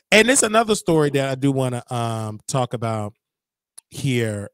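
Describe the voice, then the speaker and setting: A young man hosting a casual livestream, talking in an animated, gossipy way and laughing often. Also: medium pitch, a little slow, clear, resonant tone, no room sound. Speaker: show host.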